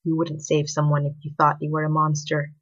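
A woman narrating a story in an expressive, scripted reading. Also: low voice, brisk, slightly rough. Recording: dull lo-fi recording.

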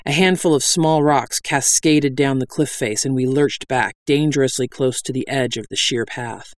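A man's voice: mid-range voice, moderate pace, no echo. A man reading a fantasy story aloud as narrator, wry and dry-humored.

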